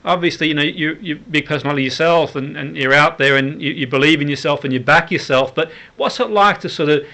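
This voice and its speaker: A man's voice: fairly high pitch, fast, gravelly, bright, forceful tone. A man hosting a radio sports show, asking long, encouraging questions full of fillers. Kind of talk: radio interview.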